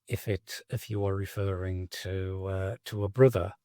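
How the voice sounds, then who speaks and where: Deep-voiced man, mild Geordie accent. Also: level tone, mellow, dry recording, clean studio sound. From North East England. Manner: measured, with pauses and fillers. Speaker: guest. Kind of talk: casual chat.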